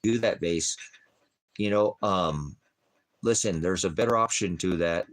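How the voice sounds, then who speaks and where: His voice sits low and comes out a little slow. He's a man preaching for a small ministry in a meandering, unplanned livestream way, keeping it jokey and breaking off to talk to his dog.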